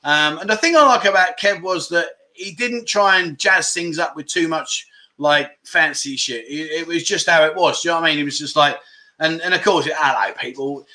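A middle-aged man hosting a casual livestream chat show, reading out viewer comments in an animated, exclamatory way. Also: a little high, moderate pace. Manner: animated and exclamatory, with loud catchphrases.

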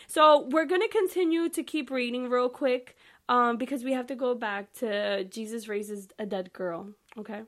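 High-voiced, animated woman reading scripture. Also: normal speed. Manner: animated, emphatic and chatty, addressing listeners directly. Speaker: podcast host. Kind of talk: casual Bible reading with commentary.

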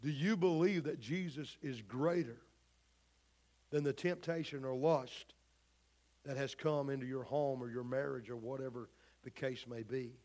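A man's voice: mid-range voice, measured pace, darkish tone. A man preaching a sermon, pressing the same rhetorical questions again and again in a preaching cadence.

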